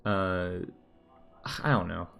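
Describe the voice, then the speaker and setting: A man's voice: sits low, little pitch movement, takes it slowly, gravelly, fairly bright tone. A young man streaming a video game, muttering casual, profane, sarcastic commentary as he plays.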